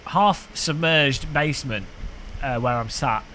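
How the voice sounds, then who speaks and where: A man in his forties, rambling and chatty, answering his viewers while he drives a racing sim. His voice sits a little high for a man, and there's a faint hum of fans behind him in his basement room. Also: measured pace, hardly any pauses, fairly bright tone. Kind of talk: casual live-stream chat.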